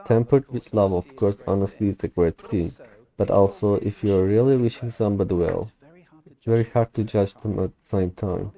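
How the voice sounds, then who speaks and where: Mellow-voiced man reciting a talk. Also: fairly low pitch, fairly even intonation, gravelly, highs cut off. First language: Turkish. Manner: careful, deliberate recitation with mimicked emphasis and occasional slips. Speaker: language learner. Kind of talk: shadowing a recorded talk aloud.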